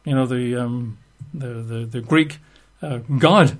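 A man's voice: mid-range voice, slow pace. A man giving an informal Bible teaching, chatty and wry, spelling out names letter by letter. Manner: conversational, wry asides, spells out words letter by letter.

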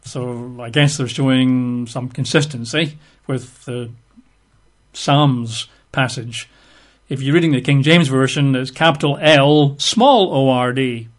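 Speaking slowly at a medium pitch, a man teaches a Bible study with careful method. He spells words letter by letter, poses rhetorical questions, and adds emphatic asides.

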